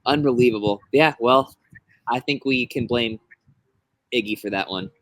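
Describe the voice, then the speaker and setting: A male podcast host teases his guest in relaxed chat. His voice sits at an average pitch. The sound is dry, with no room around it. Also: normal speed, no echo, low-quality recording. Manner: teasing, joking. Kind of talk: casual chat.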